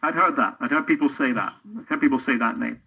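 A man's voice: medium pitch, fast, creaky, husky. A middle-aged man from Scotland, a football commentator, talking earnestly and thoughtfully in an interview, often restarting his sentences. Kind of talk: reflective casual interview talk. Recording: tinny phone-line audio.

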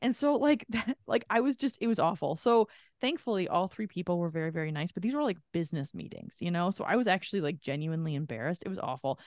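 A woman's voice: on the low side, expressive, fast talker, hardly any pauses, darkish tone, no room sound, clean studio sound. A woman co-hosting a podcast, telling a story in casual chat, swearing freely and acting out the people she quotes. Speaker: podcast co-host.

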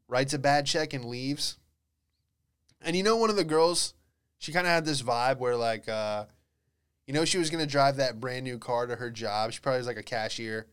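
A man's voice: mid-range voice, moderate pace, a bit bright, clear, resonant tone. A young man hosting a podcast, telling rambling comedic stories in a laid-back way and acting out voices. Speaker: podcast host. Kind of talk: casual comedic monologue.

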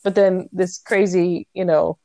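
A woman's voice: lowish voice, level tone, unhurried, creaky, warm tone, no room sound. Wry young woman rambling about a plot. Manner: wry, rambling, casual filler words. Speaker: podcast co-host. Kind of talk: casual book discussion.

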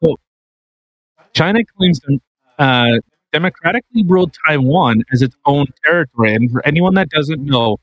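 A man's voice: medium pitch, dry recording, highs cut off. A man co-hosting a casual podcast, reading a news article aloud, swearing freely and breaking into laughter. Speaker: podcast co-host.

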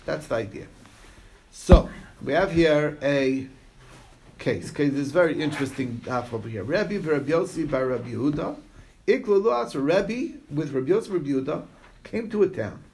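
A man with a slightly high, gravelly voice leads a casual Talmud class. He reads a line of the text aloud, then unpacks it in easygoing, conversational asides, often pausing to check in with his listeners. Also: lively intonation, a little mellow. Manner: storytelling with frequent "okay?" check-ins. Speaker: Talmud teacher.

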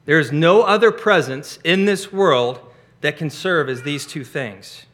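A man's voice: fairly high pitch, unhurried, fairly bright tone. A man preaching a sermon as pastor, stressing key words with rising emphasis.

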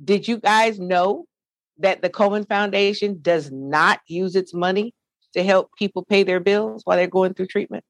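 A middle-aged woman, the founder of a nonprofit, tells her own story to a panel in an animated, preacherly way. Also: mid-range voice, normal speed, no echo. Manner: animated, lively storyteller, preacherly call-and-response.

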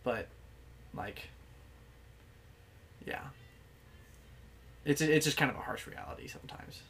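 A man's voice: fairly high pitch, takes it slowly, fairly bright tone, slightly rough. A man who is a guest on a podcast, talking in a laid-back, hesitant and wry way. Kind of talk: casual chat.

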